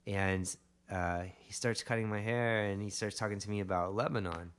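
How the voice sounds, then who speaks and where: Low-voiced man telling an animated story. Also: normal speed, clear, resonant tone. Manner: animated, rambling, with emphatic bursts. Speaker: podcast guest. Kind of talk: casual podcast storytelling.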